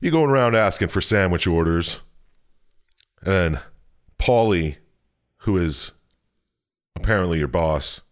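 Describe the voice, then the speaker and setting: A man's voice: deep voice, animated, unhurried, long pauses. A man co-hosting a podcast, casually retelling a game's story with frequent laughs and swearing. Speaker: podcast co-host. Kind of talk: casual chat recapping a video game.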